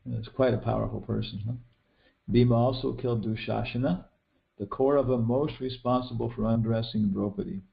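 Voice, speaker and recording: A man's voice: mid-range voice, steady tone, moderate pace, creaky. Rambling older man telling an epic story. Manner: rambling, many restarts and fillers, retells film scenes with quoted lines. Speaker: teacher giving a scripture class. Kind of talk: casual scripture class storytelling. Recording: dull lo-fi recording.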